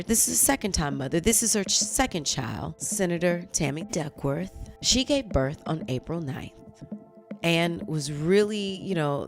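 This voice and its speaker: A woman hosting a chatty news commentary show, animated and quick to exclaim. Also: low-pitched, creaky. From United States. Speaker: host.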